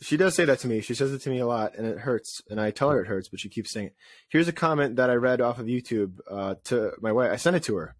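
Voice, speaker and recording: A man's voice: medium pitch, expressive, fast, no room sound. Rambling self-deprecating man, dry close sound. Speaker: podcast co-host. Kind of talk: casual chat.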